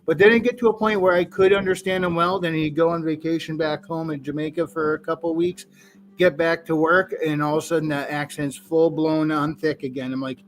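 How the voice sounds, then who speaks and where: A man from New England tells stories in a casual group chat, his voice a bit higher than most men's. He talks in an easygoing, relaxed way. Faint music runs underneath. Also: brisk. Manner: easygoing storyteller. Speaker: co-host.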